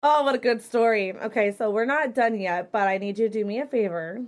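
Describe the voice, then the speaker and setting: A woman's voice: on the high side, fairly quick. Woman host chatting with viewers on her home podcast, playful and teasing. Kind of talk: casual podcast chat. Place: home stream office.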